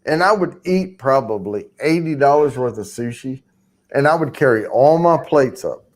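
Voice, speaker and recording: A man on a live stream telling a casual, animated story, swearing freely and acting out the other people's voices. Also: mid-range voice, normal speed. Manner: animated, profane, acts out voices.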